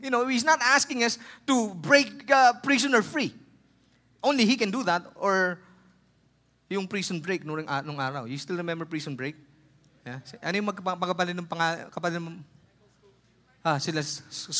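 A man from the Philippines with a Filipino accent, preaching a sermon in a conversational way. He often adds "okay?" and "you know" and repeats words for emphasis. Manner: drops quieter and lower when reading scripture. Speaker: pastor.

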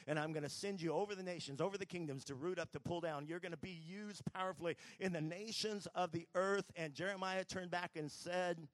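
A man preaches with a high voice, talking a little fast with few pauses, his tone slightly raised as he retells Bible stories and performs the characters' parts. The recording is dry and close with no room echo.

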